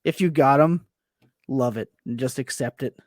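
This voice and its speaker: A man's voice: medium pitch, normal speed, no room sound, studio quality. A man co-hosting a casual sports podcast, rambling and correcting himself with enthusiasm. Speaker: podcast co-host.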